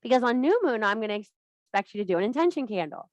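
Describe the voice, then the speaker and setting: A middle-aged woman runs a women's workshop over a video call, speaking bluntly and emphatically and swearing a lot in casual workshop talk. Her voice sits on the high side with big pitch swings and a fast pace. The recording is muffled, with no echo.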